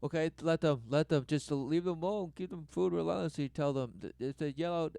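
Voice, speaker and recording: A man with a gravelly, creaky voice rambles through a commentary, burst after burst, then drops to a low mutter. The tone is smooth and clear under the grit. The sound is close and dry, with no room around it. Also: a little fast, hardly any pauses, no room sound. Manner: swings from loud exclaiming to low muttering; repetitive, breathless wordplay. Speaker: commentator reacting to a documentary.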